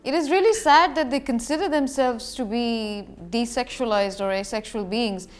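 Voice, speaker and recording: A woman's voice: on the high side, normal speed. A woman spinal surgeon hosting an interview over a video call, friendly and a little hesitant, with many fillers.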